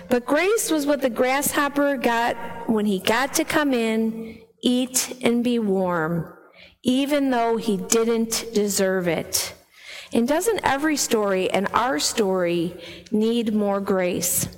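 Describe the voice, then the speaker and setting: A woman's voice: fairly high pitch, slow pace. A woman reading the gospel and preaching a sermon, telling a fable and putting questions to the congregation. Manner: storytelling, asks the congregation questions. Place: church. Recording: long reverb in a church hall.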